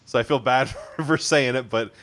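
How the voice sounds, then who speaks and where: A man's voice: medium pitch, moderate pace, a bit bright. A man co-hosting a casual podcast chat, easygoing and a bit sheepish. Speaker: podcast co-host.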